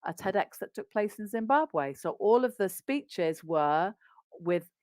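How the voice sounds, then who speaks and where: A woman's voice: mid-range voice, expressive, a little slow, darkish tone, no echo. A woman with an English RP accent, a business English coach, explaining practical tips in an upbeat conversational interview.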